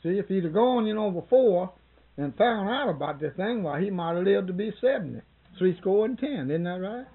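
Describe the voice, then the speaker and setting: Man in his sixties, husky voice, slightly high, folksy rambling storyteller, tinny phone-like recording. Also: lively intonation, moderate pace. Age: 60s. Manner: rambling folksy storyteller who quotes others. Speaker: interviewee. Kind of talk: casual spoken anecdote.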